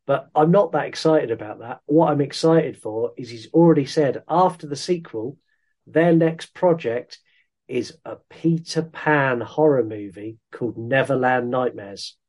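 A man's voice: mid-range voice, measured pace, a little mellow. A man co-hosting a podcast in casual chat, bringing up news items with enthusiasm. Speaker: podcast co-host.

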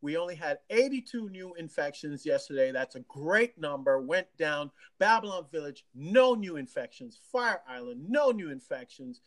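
A local official talking casually to residents in an animated way, laughing often and restarting sentences. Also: medium pitch, moderate pace, hardly any pauses. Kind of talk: casual livestream talk.

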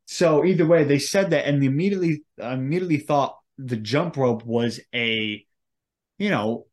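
Podcast co-host, male, mid-pitched, rambling, halting delivery. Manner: rambling, searching for words, many fillers. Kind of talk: casual chat.

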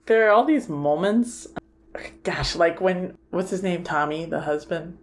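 A woman's voice: on the low side, unhurried, slight background noise. A woman co-hosting a podcast, chatting casually about a film and retelling its scenes with lots of "like" fillers. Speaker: podcast co-host.

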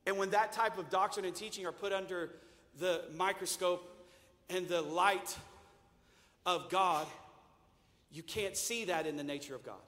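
A man preaching a sermon emphatically, firing rhetorical questions and rising to shouts. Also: high voice, a little slow, long pauses, long reverb tail.

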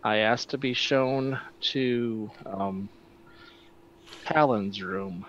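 A man playing a tabletop game, speaking in a measured, terse way. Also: fairly low pitch, a bit bright, slight background noise. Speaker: player. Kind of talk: tabletop role-play. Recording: dull lo-fi sound.

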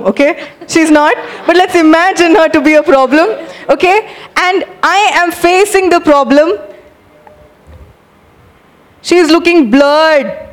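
High-voiced woman preaching energetically. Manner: energetic, urging the audience, animated demonstrations. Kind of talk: sermon.

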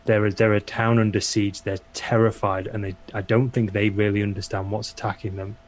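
A man playing his character in a tabletop game, easygoing, laughing and trying to smooth things over. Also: lowish voice, level tone, brisk. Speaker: player.

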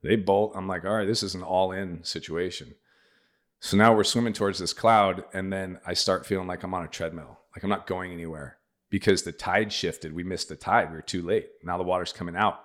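A man's voice: deep voice, a little fast. A middle-aged man, a podcast guest, telling a long story in casual chat and acting out what other people said. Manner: animated anecdote teller, acts out other people's lines.

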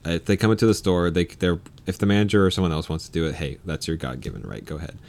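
A man in casual chat, telling stories in an animated, profane way. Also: deep voice, rapid-fire.

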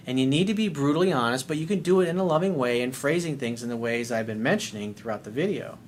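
A man's voice: mid-range voice, fast talker, a little hiss or hum. A man hosting a dating advice video, talking bluntly and sarcastically, with casual swearing. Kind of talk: casual advice monologue reading viewer letter.

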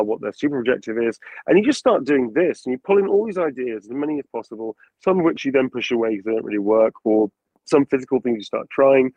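Chatting casually in a video call interview, a voice actor with a medium-pitched voice animates his answers by jumping into character voices. The recording is dry, dull, and lo-fi.

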